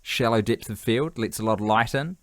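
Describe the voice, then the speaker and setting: A man's voice: fairly low pitch, fairly quick, no room sound, clean studio sound. A man co-hosting a podcast, rambling and joking casually, tired and hungry. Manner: jokey, rambling, swears casually. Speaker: podcast co-host. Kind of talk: casual chat.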